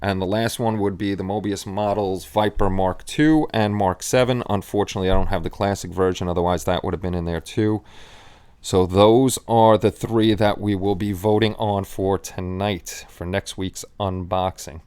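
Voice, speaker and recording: A man's voice: deep voice, steady tone, normal speed, darkish tone, clear, resonant tone. A man hosting a casual live stream, chatting loosely with many fillers and restarts. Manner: rambling, with frequent restarts and fillers.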